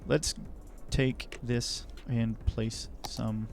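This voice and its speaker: A man's voice: medium pitch, steady tone, very slow, creaky, over music. A man giving rambling, jokey, self-deprecating commentary while playing a city-building game. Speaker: let's play host. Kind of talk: casual gameplay commentary.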